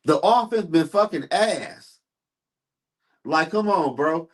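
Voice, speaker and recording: A man's voice: on the high side, lively intonation, slow pace. A man hosting a live sports stream, ranting heatedly and profanely while answering his chat.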